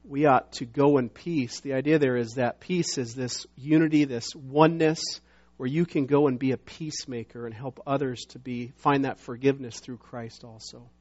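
A man's voice: mid-range voice, steady tone, normal speed, darkish tone. A middle-aged man preaching a sermon as pastor, talking conversationally with many restarts and fillers, growing emphatic when he reads scripture. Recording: dull lo-fi sound.

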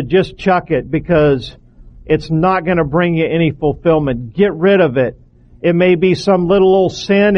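High-voiced earnest male preacher. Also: dull audio. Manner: earnest, pleading exhortation with emphatic repetitions. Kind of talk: sermon.

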